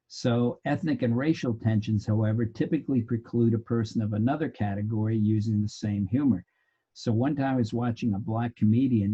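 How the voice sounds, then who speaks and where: A man's voice: on the low side, slightly rough, dull audio. A man teaching a sociology lecture, telling anecdotes. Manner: animated storyteller, bursts into loud laughter. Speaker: sociology instructor.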